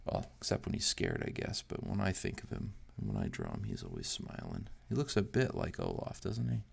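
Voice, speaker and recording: A man's voice: rumbling low, wildly swooping pitch, fairly quick, vocal fry, husky. A man chatting casually as he draws, thinking aloud and poking fun at his own attempts. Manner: thinks aloud, unsure and self-deprecating. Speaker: amateur artist hosting a drawing channel. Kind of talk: casual rambling while drawing.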